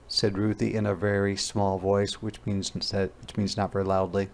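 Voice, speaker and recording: A man in his sixties reading a picture book aloud to young children, pausing to explain words simply. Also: on the low side, monotone, creaky.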